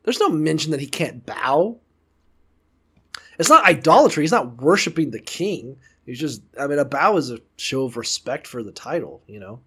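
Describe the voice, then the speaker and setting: A man co-hosting a casual comedy podcast, spinning off into profane comic riffs. His voice sits a little high and swings around a lot. He keeps the chat loose and irreverent. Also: sing-song, normal speed, bright, forceful tone, slightly rough. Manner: profane, riffing comic digressions. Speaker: podcast co-host.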